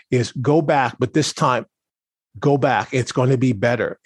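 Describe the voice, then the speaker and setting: A man's voice: mid-range voice, slightly rough, dry recording, studio quality. A man talking as a podcast guest in a casual, rambling way, with lots of restarts and fillers. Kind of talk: casual conversational interview.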